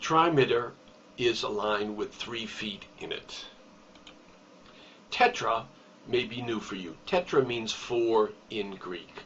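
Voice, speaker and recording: A man teaching a recorded poetry lesson, explaining terms slowly and deliberately and stressing key words. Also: lowish voice, fairly bright tone, a little hiss or hum. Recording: distant, dull lo-fi recording.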